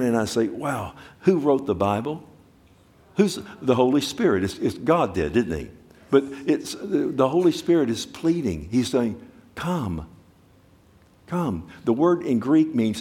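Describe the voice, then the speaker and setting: A man preaching a sermon, asking the listeners direct questions and swinging between hushed asides and loud exclamations. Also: mid-range voice.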